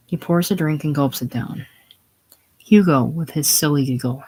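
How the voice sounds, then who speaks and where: A man reading a stage play aloud, calmly narrating the stage directions. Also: on the high side, moderate pace, vocal fry, breathy edge, low-quality recording. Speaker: reader.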